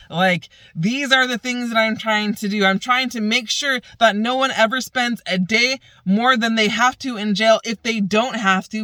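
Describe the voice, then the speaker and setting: A woman's voice: a little high, bright, forceful tone, no echo. A woman vlogging outdoors as a law student, ranting in exasperation with heavy profanity and repeated emphasis. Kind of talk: ranting vlog. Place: outdoors, by a path.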